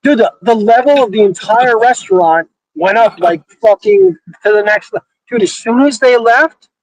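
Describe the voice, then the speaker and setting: A man's voice: high voice, no echo, low-quality recording. A man co-hosting a casual talk show, swearing and stumbling over his words as he tells a story. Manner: profane, halting, repeats his words. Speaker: podcast co-host. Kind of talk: casual banter.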